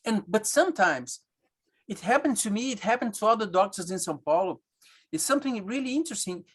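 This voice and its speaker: An obstetrician with a high, expressive, slightly breathy voice shares stories in a webinar conversation. He speaks haltingly, searching for English words and restarting often.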